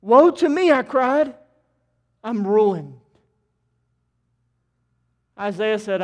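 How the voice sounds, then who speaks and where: Pastor guy preaching hard in the sanctuary, highish voice, gets loud then goes quiet. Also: lively intonation, very slow, pauses often. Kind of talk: sermon. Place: church sanctuary.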